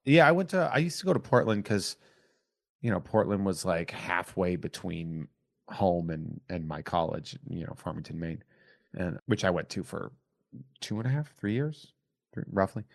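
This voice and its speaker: A middle-aged man with a very deep voice hosts a podcast in easy, casual chat. He rambles through his stories, restarting and wandering mid-thought. The sound is dry and close. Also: sing-song, moderate pace, vocal fry, no room sound. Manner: rambling, self-interrupting storyteller. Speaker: podcast host.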